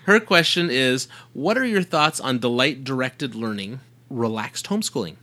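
A man co-hosting a relaxed podcast, reading out listener questions with a playful, teasing edge. His voice is bright and moves a lot in pitch. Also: normal speed. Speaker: podcast co-host. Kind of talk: casual chat.

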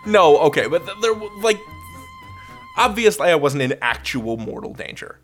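Male podcast co-host, lively comedic storyteller with a very expressive pitch range; a faint guitar bed plays under him. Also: moderate pace. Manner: animated, acts out quoted people with big pitch jumps.

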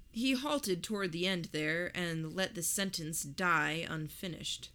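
Woman narrator, audiobook, first-person, slow, bright clear tone. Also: on the low side. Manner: measured, reflective.

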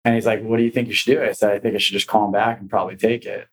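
A man's voice: fairly low pitch, racing, poor audio. A man, a commercial real estate broker, telling stories as a guest on a podcast and acting out the people he quotes. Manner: animated storyteller acting out quoted voices. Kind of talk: podcast storytelling.

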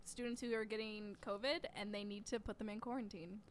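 A woman's voice: medium pitch, steady tone, a little fast, slight background noise. A young woman co-hosting a casual college podcast, chatty and giggly, often trailing off mid-sentence. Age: young adult. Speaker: podcast co-host.

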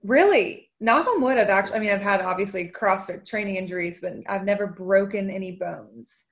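A woman hosting a podcast, chatting casually and firing off quick questions and reactions. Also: mid-range voice. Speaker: podcast host.

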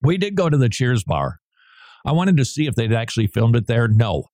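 A man's voice: mid-range voice, very animated, fairly quick, a little mellow. A man hosting a radio talk show, chatting in a loose, digressive way and laughing between remarks. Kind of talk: casual on-air banter.

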